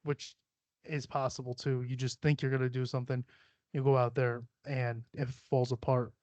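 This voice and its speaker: A man's voice: mid-range voice, level tone, normal speed, a little mellow, no room sound. A man hosting a podcast, chatting casually in a rambling, profane way and laughing often. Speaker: podcast host. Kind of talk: casual solo podcast chat. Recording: dull, lo-fi sound.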